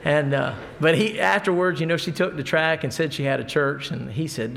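A man's voice: a little high, normal speed, vocal fry, few pauses, crowd noise. A middle-aged man preaching a folksy sermon, mixing scripture with stories. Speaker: pastor.

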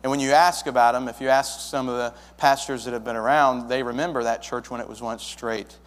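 A young church planter shares his testimony with a congregation in a folksy style, acting out the dialogue as he goes. His mid-range voice is fairly even in intonation and a little fast, and the recording carries a long hall reverb.

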